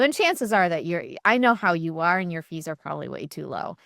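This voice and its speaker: A woman's voice: lowish voice, big pitch swings, brisk, creaky, fairly bright tone, no echo. Female dentist co-host, direct and coaching, dry close recording. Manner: direct, advising, cuts in with pointed suggestions. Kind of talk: casual podcast chat.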